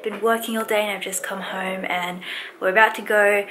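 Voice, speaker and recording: Young woman vlogger, upbeat and giggly, casual handheld phone footage with loud outdoor noise behind. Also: medium pitch, little pitch movement, moderate pace. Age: young adult. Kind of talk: casual vlog chat. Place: outdoors at beaches and eateries.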